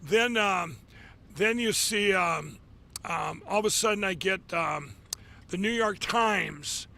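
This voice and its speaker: A middle-aged man hosting a live show from his office, rambling casually with many fillers and restarts, getting excited as he talks. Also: high-pitched, slow pace, vocal fry. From Minnesota. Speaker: show host. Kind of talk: casual live monologue with ad pitches.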